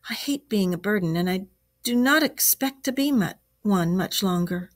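A woman reading aloud and voicing a sly male toad who murmurs softly, sighing as if ill. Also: mid-range voice, expressive, normal speed, close to an everyday voice. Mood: murmuring, pitiful. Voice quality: soft, murmured. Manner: pitiful, sighing, theatrical. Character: sickly-acting sly male toad, self-pitying. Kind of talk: storybook read-aloud.

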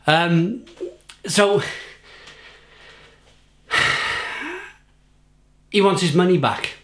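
A man's voice: sits high, extremely slow, long pauses, a bit bright. A man with a British accent, a beer reviewer and pub manager, swearing and rambling through an angry rant to camera. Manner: sweary, rambling, repeats himself.

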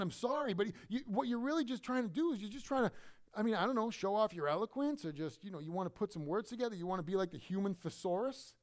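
A pastor with an extremely high-pitched voice preaches to his congregation in a conversational, animated style, sometimes imitating other people.

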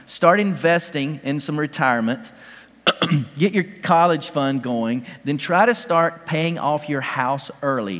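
A male pastor preaching a casual, conversational sermon, his voice jumping upward in emphatic bursts. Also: mid-range voice. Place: church sanctuary. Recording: church hall reverb.

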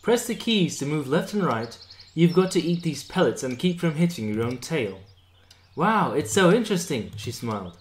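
A man reading a visual novel game aloud, playing every part himself in an animated way. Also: a little high, moderate pace, hardly any pauses. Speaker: let's play narrator.

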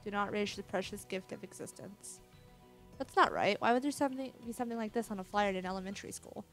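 A woman's voice: medium pitch, lively intonation, fast, fairly bright tone, soft background music. A woman casually commenting on a horror game she is playing, reading its text aloud and swearing now and then. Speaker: let's play gamer.

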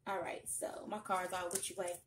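A young woman giving a casual tarot reading, chatty and sassy with loud bursts of excitement. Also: lowish voice, moderate pace, very noisy. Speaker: tarot reader.

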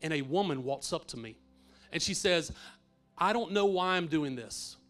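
A middle-aged pastor telling a personal faith story in a sermon, earnest and swinging from hushed to emphatic. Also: male voice, on the high side, lively intonation, normal speed, soft background music.

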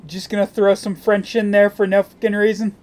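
A woman's voice: medium pitch, flat delivery, brisk, a little mellow, faint music behind. A woman streamer giving casual gameplay commentary, joking around and swearing freely.

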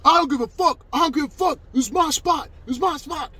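A man voicing a loud, aggressive man who shouts threats and curses over a parking spot. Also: very high-pitched, quick pace, voice pushed up. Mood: threatening. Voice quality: shouting, profane, repeating himself.

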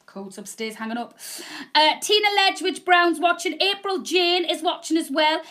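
Woman, 40s, high-pitched and brash live-shopping host, loud chatty patter. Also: expressive, moderate pace. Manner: loud, bubbly, greets viewers by name. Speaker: shopping channel presenter. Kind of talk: live selling stream, chatty. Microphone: proper microphone.

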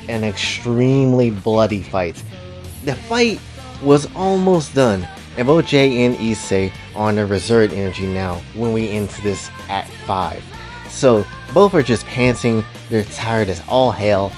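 A man's voice: medium pitch, darkish tone. A man casually narrating a self-insert story, rambling in laid-back crude slang.

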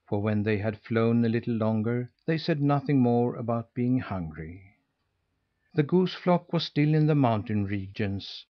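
A man narrating a classic children's novel in a measured, steady reading. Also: mid-range voice, lo-fi sound. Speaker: audiobook narrator. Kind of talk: scripted storybook narration.

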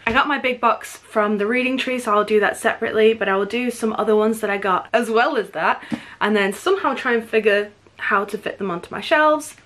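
A young woman from the UK chatting casually as a book vlogger, gushing and excitable with quick asides. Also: fairly high pitch, low-quality recording. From United Kingdom. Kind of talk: casual chat.

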